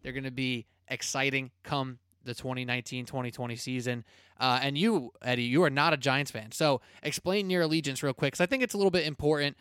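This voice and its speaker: A man hosting a sports podcast, energetic, blunt and chatty. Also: medium pitch, brisk, smooth, no echo, clean studio sound. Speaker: podcast host. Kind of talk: casual sports podcast talk.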